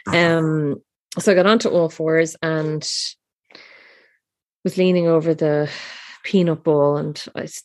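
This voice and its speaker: A woman's voice: low-pitched, level tone, measured pace, darkish tone. A woman in her thirties casually telling her birth story, chatty and emotional, with many fillers and restarts.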